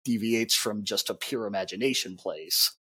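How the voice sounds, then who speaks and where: A man's voice: fairly low pitch, pushed and bright, breathy edge. A man co-hosting a tabletop gaming podcast, talking casually with many restarts. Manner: halting, with many restarts and laughs. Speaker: podcast co-host. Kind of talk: casual chat.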